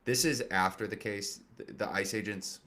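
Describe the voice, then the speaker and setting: Deep-voiced guy doing sarcastic political comedy, cusses a lot, rambly, lots of ums. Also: steady tone, normal speed, bright, forceful tone. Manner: profane, rambling and sarcastic, with many fillers and restarts. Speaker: stand-up comedian hosting a commentary show. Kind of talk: casual political comedy commentary.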